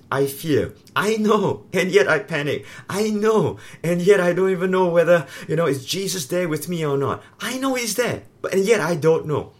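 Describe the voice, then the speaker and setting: Earnest man preaching a video sermon. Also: sits high. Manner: earnest, repetitive preaching with dramatized prayers. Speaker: pastor.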